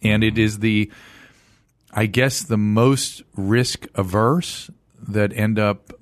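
A man in his sixties hosting a podcast, talking in a quick, animated way with frequent self-corrections. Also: on the low side, dry recording, studio quality. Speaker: podcast host. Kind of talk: casual conversational interview.

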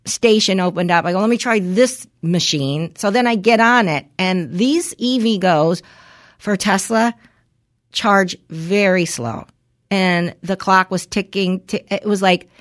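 A woman co-hosting a podcast, telling a story in casual chat, acting out the quoted exchanges with lively shifts and swearing freely. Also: mid-range voice, unhurried. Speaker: podcast co-host.

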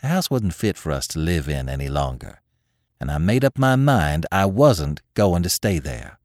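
A man voicing a stern, determined older farm wife who talks slowly and firmly in plain rural speech. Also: sits low, big pitch swings, a little mellow, dry recording, studio quality.

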